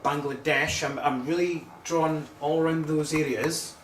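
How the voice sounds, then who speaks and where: A man acting as a medium on a ghost hunt, giving halting, searching readings and often repeating himself. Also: a little high, fairly even intonation, echoey room, distant mic, slight background noise. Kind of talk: psychic readings on a paranormal tour.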